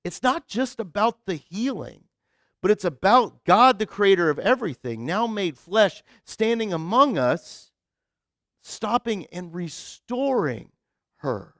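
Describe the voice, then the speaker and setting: A man pastor preaching a conversational sermon, casual and animated, full of filler words and joking with the congregation. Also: high voice, slow pace, no echo, studio quality. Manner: casual, animated, heavy use of "like" and restarts; jokes with the congregation. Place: church sanctuary.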